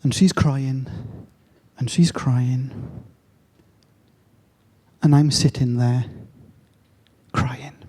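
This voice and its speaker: A middle-aged man slowly telling a moving story at a gathering, with long pauses. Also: mid-range voice, fairly even intonation, warm tone. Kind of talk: slow, reflective storytelling talk.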